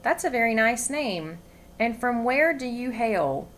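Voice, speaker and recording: A woman's voice: on the high side, sing-song, measured pace, a little hiss or hum. A woman voicing a kindly, stately elderly lady at a formal dinner in a read-aloud story, speaking politely.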